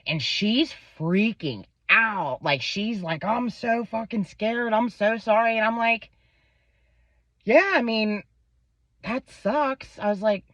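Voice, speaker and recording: A woman's voice: on the high side, slow pace, dry recording. A woman in her thirties from Pennsylvania, casually telling a profane story about her kid and acting out the people in it. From Pennsylvania, USA. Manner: profane, animated retelling with quoted voices. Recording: dull lo-fi dry recording.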